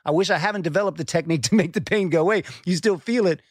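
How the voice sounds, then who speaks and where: A man's voice: high voice, racing, no room sound, studio quality. A man talking candidly as a podcast guest, intense, swearing freely and repeating words as he works through a thought. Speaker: podcast guest, endurance athlete. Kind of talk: candid conversational interview.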